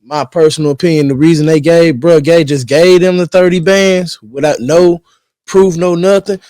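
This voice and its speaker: A man's voice: on the high side, darkish tone, no echo. A man hosting a reaction video, giving slangy, laid-back commentary. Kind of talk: casual commentary.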